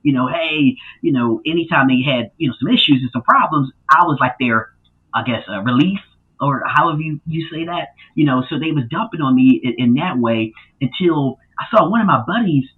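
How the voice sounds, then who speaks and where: A man who is a guest on a podcast, telling his story in a casual, animated way with many fillers and loud acted-out quotes. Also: mid-range voice, brisk, slightly rough. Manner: animated, lots of fillers, acts out quotes loudly. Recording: tinny phone-like line.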